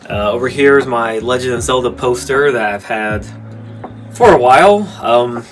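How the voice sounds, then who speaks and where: A man in his twenties giving a casual tour of his bedroom, rambling and correcting himself as he goes. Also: mid-range voice. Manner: rambling, self-correcting, offhand. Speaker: YouTuber giving a room tour. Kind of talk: casual room-tour narration.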